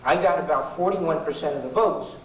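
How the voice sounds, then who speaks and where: A man's voice: on the high side, a little fast, a little hiss or hum. A middle-aged man giving an informal political talk to an audience, folksy and sarcastic, rambling with asides. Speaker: public speaker. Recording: echoey 1990s hall recording from far off.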